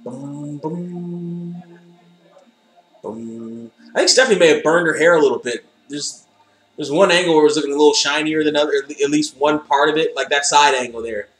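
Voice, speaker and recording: A man's voice: on the high side, fast, a bit bright, echoey room. A man casually reacting to old wrestling footage, sarcastic and joking, swearing freely. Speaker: commentator watching wrestling footage.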